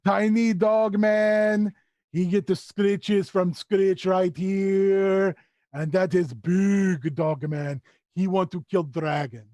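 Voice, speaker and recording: A small creature blurts out broken, simple sentences, slow and pushed up higher and louder, as a man puts him on. The tone is dark and mellow, recorded dry and close. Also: steady tone, no room sound. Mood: excited. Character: broken-talking goblin-like male creature Skitch.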